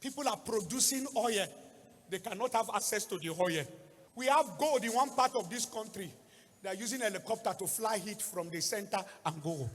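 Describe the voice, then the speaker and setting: A man with a Nigerian accent preaching a sermon, swinging from low asides into sing-song shouts. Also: animated, moderate pace, long reverb tail. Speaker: pastor.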